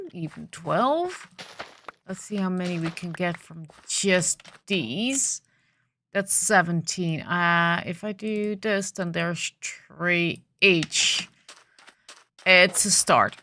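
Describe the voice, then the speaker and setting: A woman with a bright, clear tone talks slowly through her game plan, thinking aloud as she goes. Her voice carries a slight morning roughness, and she often restarts with small ums. She sounds relaxed and unhurried. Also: on the low side. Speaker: gaming video host. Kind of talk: casual gameplay commentary.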